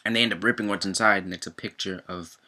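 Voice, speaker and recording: Bright-voiced young man rambling casually. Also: fast talker. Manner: rambling, heavy on fillers, swings into excited high-pitched outbursts. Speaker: cartoon episode reviewer. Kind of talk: casual chat.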